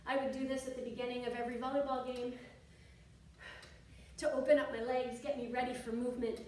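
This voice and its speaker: A woman's voice: high-pitched, flat delivery, a little fast, a little mellow. A woman teaching a stretching and yoga lesson while demonstrating, chatty and encouraging, slightly out of breath. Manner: chatty and encouraging, thinks aloud with asides. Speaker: yoga and fitness instructor. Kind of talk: instructional demonstration while exercising. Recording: echoey room, distant mic, faint hiss.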